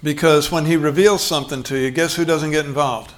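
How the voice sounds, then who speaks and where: Guy preaching, chatty sermon style, voice sits a bit high, acts out the dialogue. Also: steady tone, fairly quick. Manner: conversational preaching, acts out dialogue, chuckles often. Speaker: pastor.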